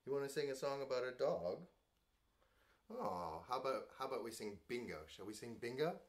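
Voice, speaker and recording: A man hosting a children's bedtime show, narrating stories in a gentle, playful, expressive way. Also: mid-range voice, fairly quick.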